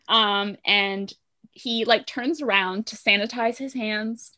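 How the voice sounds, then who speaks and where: A woman's voice: on the high side, steady tone, unhurried, sharp tone. A woman co-hosting a podcast, casually retelling a show's plot with plenty of filler words. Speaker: podcast co-host recapping a show. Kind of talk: casual chat.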